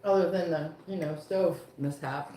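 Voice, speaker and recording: A woman's voice: deep voice, moderate pace, dark tone. A woman hosting a casual home livestream, chatting easily with viewers while baking. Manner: chatty, easygoing talk to viewers. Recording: echoey room.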